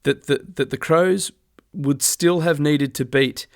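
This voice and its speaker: A man with an Australian accent co-hosting a casual sports podcast, animated and acting out the umpires' lines. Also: on the high side, takes it slowly, vocal fry, dry recording, clean studio sound. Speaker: podcast co-host.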